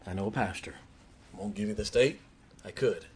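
A man's voice: on the low side, normal speed, darkish tone, a little hiss or hum. An older man preaching a sermon, telling folksy stories and laughing as he goes. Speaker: pastor.

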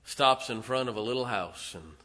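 A male preacher delivering a sermon, retelling a story dramatically with sudden loud swells and hushed drops. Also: medium pitch, normal speed.

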